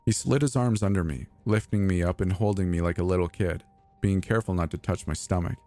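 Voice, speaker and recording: A man with a very low, deep voice narrates a horror story in the first person. His delivery is measured and deliberate, and soft music plays faintly underneath.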